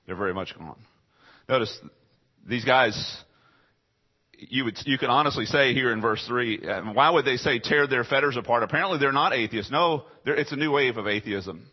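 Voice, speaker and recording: A man preaching a sermon as pastor, dropping to quiet asides and then rising to loud, emphatic lines. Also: mid-range voice, breathy edge, lo-fi sound. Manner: dramatic swings between quiet asides and raised emphatic lines.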